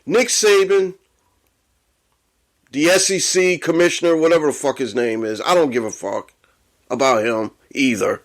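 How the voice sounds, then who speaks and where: Man, high-pitched voice, angry sports rant, heavy swearing, podcast host. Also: moderate pace, pauses often.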